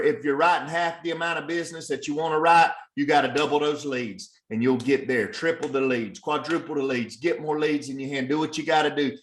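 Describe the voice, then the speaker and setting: A man's voice: a little high, a bit bright, echoey room. A man giving an earnest, repetitive motivational talk as a sales trainer, pressing his point again and again.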